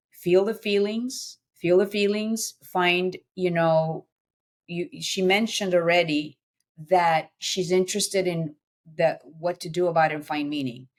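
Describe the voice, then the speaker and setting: Earnest low-voiced woman telling her story. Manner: earnest, animated, filler-heavy with many "you know"s. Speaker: podcast guest. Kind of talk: personal storytelling in conversation.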